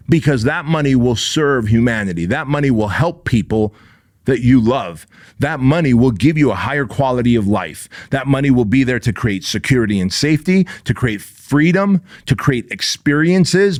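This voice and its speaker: Forceful motivational man, dry close sound. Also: mid-range voice, no echo. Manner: forceful, preachy, repetitive punchy phrasing, profane. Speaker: podcast host. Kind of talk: motivational monologue.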